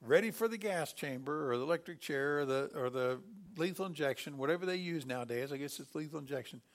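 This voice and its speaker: A middle-aged man preaching a sermon, lively and animated, acting out quoted voices with sudden loud bursts. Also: a little high, fast. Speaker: pastor.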